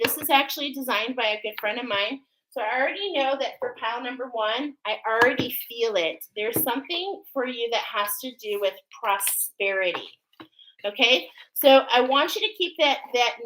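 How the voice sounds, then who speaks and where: A woman's voice: on the high side, background noise. A middle-aged woman from Australia doing a casual spiritual oracle card reading, chatting with viewers as friends. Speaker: tarot and oracle card reader.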